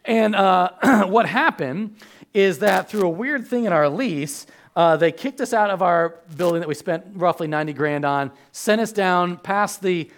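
Animated, joking male pastor. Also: high-pitched, measured pace. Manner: animated and joking, acts out voices. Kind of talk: sermon.

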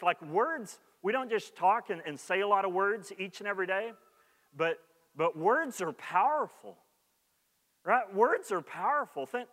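Male pastor with a slightly high voice, preaching loosely and conversationally, recorded in a reverberant church hall. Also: pushed and bright. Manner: conversational preaching with many restarts and "like", rising in energy. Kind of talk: sermon.

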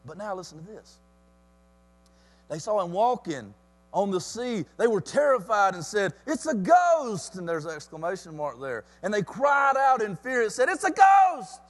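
A man's voice: high voice, expressive, normal speed, fairly bright tone. A man preaching a sermon with emphatic repetition and rhetorical questions.

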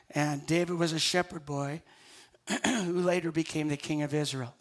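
A man preaching a sermon to his church, repeating key lines for emphasis and telling stories with quoted dialogue. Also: on the high side. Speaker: pastor.

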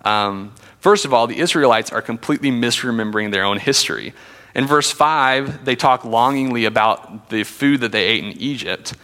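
A man giving a conversational sermon, reading scripture aloud between casual asides. His voice is bright and forward. The sound rings out with a long hall reverb. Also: mid-range voice, normal speed. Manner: conversational, with frequent fillers. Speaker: Bible teacher.

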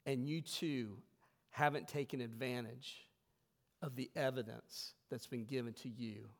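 A man preaching a sermon to his congregation, emphatic, swelling loud and then dropping low. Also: steady tone, unhurried, vocal fry, in a large hall. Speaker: pastor. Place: church sanctuary.

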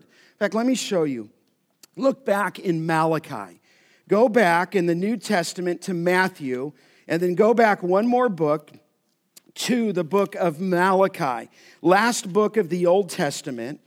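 A male pastor preaching an expository sermon, slowing down to stress each scripture phrase. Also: high-pitched. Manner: emphatic, slows down to stress scripture. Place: church sanctuary.

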